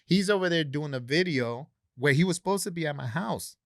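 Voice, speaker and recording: Animated man telling a story. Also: fairly high pitch, a little fast, creaky, no room sound, studio quality. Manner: animated storyteller, acts out quoted dialogue. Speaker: guest, convention organizer. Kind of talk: casual podcast storytelling.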